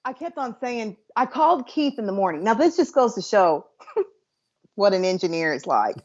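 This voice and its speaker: A woman co-hosting a chatty podcast, telling an animated story between laughs. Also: mid-range voice, normal speed. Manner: animated, laughing anecdote teller. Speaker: podcast co-host. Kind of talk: casual chat, storytelling. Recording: dull lo-fi sound.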